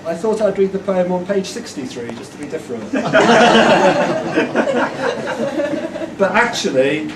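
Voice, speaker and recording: A man reading poems at a book launch, playful and joking, leading the audience in a shouted refrain. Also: sits high, lively intonation, takes it slowly, long pauses. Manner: playful, joking, mock-esoteric; shouting the refrain with rising energy. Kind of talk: live poetry reading with audience call-and-response. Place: indoor event room with an audience. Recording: echoey room, far mic, loud crowd noise.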